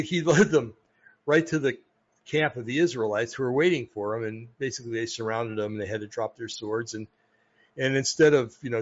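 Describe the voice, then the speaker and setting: An American man hosting a podcast, talking casually about religion in a rambling way, with many pauses and restarts. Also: medium pitch, muffled recording. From United States. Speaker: podcast host. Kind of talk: casual religious talk monologue.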